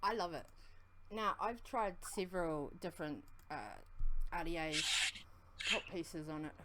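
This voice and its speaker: A woman with a strong New Zealand accent co-hosting a livestream, talking fast in a rambling, friendly way. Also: lowish voice, heavy background noise. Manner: fast, rambling, affectionate shout-outs. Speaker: co-host of a vaping livestream. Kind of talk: casual livestream chat.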